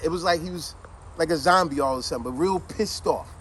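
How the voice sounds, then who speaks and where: A middle-aged man casually telling a childhood story to camera in a conversational, slangy, animated way. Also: fairly high pitch, fast talker, a little hiss or hum, poor audio.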